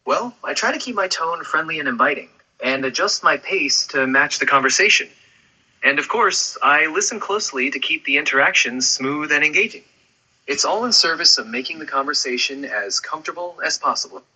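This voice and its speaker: This male synthetic assistant voice sounds friendly and upbeat in casual conversational AI chat, closing his turns with questions. The voice is a little high, animated, brisk and sharp in tone, slightly rough, and the audio is poor.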